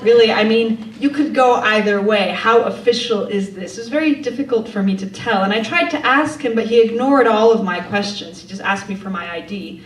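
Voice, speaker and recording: On a theater stage before an audience, a Polish woman tells a true story in a wry, chatty style, frequently laughing mid-sentence. Her mid-range voice moves a bit fast with barely any pauses, and the recording is echoey, with a distant mic and faint ambience.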